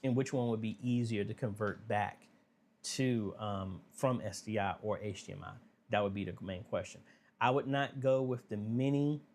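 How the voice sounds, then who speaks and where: A man hosting a casual live Q&A, talking through viewer questions in a relaxed, conversational way with plenty of fillers. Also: lowish voice, moderate pace, a little hiss or hum. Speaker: livestream Q&A host. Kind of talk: casual livestream Q&A.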